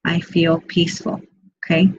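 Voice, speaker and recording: Soft-spoken woman medium, dull lo-fi sound. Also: lowish voice, little pitch movement, slightly rough, no room sound. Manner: soft, slow and repetitive, speaking in first person for the spirit. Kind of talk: online group mediumship reading.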